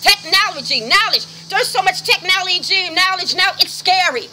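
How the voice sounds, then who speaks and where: A woman preacher giving an urgent, emphatic sermon at an outdoor service, slowing down to read scripture solemnly. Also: extremely high pitch, animated, bright, forceful tone, slight background noise, poor audio.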